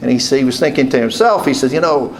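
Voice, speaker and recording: A man's voice: mid-range voice, animated, rapid-fire, slight background noise. A man, a deacon telling a rambling story in a homily and repeating "he said" as he goes. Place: church.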